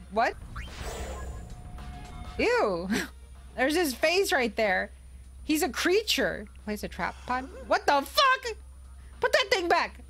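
A young woman streamer giving casual gameplay commentary, excitable and swearing often. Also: sits high. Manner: excitable, swearing, shrieks and laughs.

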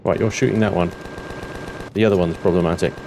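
A man narrating his own gameplay, excitable and talking to himself, swearing now and then. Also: deep voice, quick pace, noisy background. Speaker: gameplay commentator. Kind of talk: let's play commentary.

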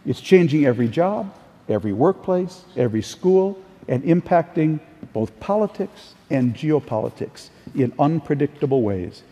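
A man's voice: on the high side, lively intonation, moderate pace, mellow. An older man giving a conference keynote, telling anecdotes in a storytelling way with occasional restarts. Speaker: keynote speaker. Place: large conference hall. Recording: distant, echoey hall sound.

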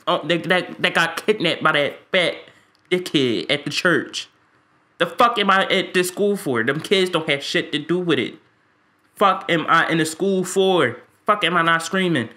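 A gaming YouTuber with a high-pitched, pushed, bright voice rants profanely about a game he's fed up with. He stammers when his frustration boils over.

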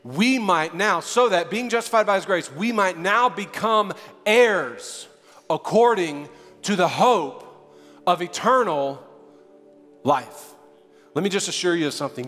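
A pastor preaching a sermon in a church, fervent and building to near shouting, with soft music under him. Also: male voice, high voice, big-room sound. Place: church sanctuary.

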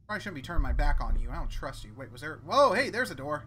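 A man's voice: on the high side, very animated, fast, few pauses, pushed and bright, a little hiss or hum. A man playing a horror video game and commenting on it, sarcastic and jumpy, talking back to what he sees on screen. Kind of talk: let's play commentary. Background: game music.

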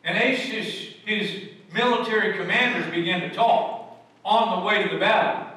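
A male pastor preaching a sermon and telling stories, his voice swinging from loud emphasis to hushed tones. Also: sits high, normal speed. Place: church sanctuary. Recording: echoey church hall from far off.

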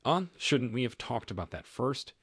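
A man's voice: medium pitch, sing-song, moderate pace, husky, no echo, clean studio sound, pitched above the performer's own voice. A man voicing a desperate, flustered wife pleading on the phone in a story reading. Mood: anxious.

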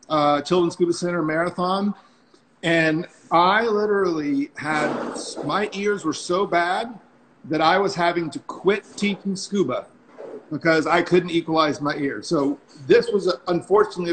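A man's voice: high voice, fairly bright tone, a little hiss or hum, poor audio. A man in his forties, a diving instructor telling stories in a casual, chatty way on a video call, often ending sentences with "right?". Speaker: freediving instructor and guest. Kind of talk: casual storytelling on a live stream. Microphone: phone or computer mic on a video call.

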